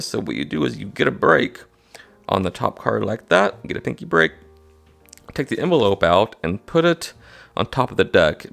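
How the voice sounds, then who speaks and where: A man's voice: lowish voice, creaky. A man casually explaining card magic step by step, often checking in with "all right?". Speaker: magic instructor. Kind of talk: card trick tutorial.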